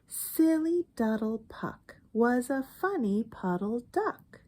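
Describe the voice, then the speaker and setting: A woman reads a children's picture book aloud in an animated, unhurried voice that swings widely in pitch. She stops often to point things out and ask the listener questions. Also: slight background noise. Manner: animated, expressive reading. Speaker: storyteller reading a picture book.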